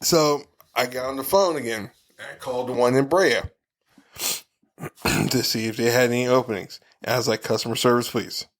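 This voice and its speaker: A man of middling pitch holds forth on a casual podcast, telling his story loosely and with plenty of swearing. He slips into quick impressions of the people he dealt with, his tone jumping up when he gets worked up. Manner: animated storytelling, acting out the people he quotes. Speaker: podcast co-host. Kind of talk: casual profane chat.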